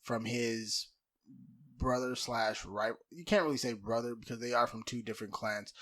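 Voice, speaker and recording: Young man explaining calmly in casual chat. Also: mid-range voice, moderate pace. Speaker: podcast co-host.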